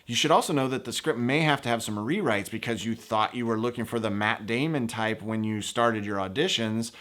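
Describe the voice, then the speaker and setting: A man's voice: mid-range voice, brisk, fairly bright tone. A man hosting a filmmaking video, giving upbeat, encouraging advice directly to his viewers. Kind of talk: casual advice to camera.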